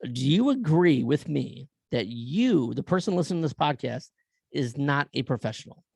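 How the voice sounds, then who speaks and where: A man's voice: a little high, lively intonation, moderate pace, vocal fry, darkish tone, slightly rough, dry recording. A man hosting his own podcast, ranting bluntly with profanity and firing off rhetorical questions. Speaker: podcast host. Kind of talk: opinion rant.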